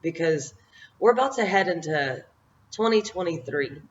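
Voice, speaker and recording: A woman's voice: on the low side, expressive, normal speed, slight background noise. Reflective middle-aged woman, dull lo-fi audio. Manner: reflective, meandering, often laughing at herself. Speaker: vlogger giving life encouragement. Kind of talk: motivational talk to camera.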